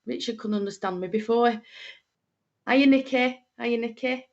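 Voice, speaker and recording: A woman's voice: fairly high pitch, normal speed, dull audio. A middle-aged woman with a Lancashire accent, a medium greeting viewers on a livestream in a homely, chatty way with plenty of fillers. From Lancashire, England.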